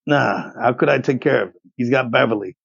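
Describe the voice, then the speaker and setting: Gravelly man running a tabletop game. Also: medium pitch, brisk, fairly bright tone, no room sound. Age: 40s. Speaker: game master. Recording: dull, lo-fi sound.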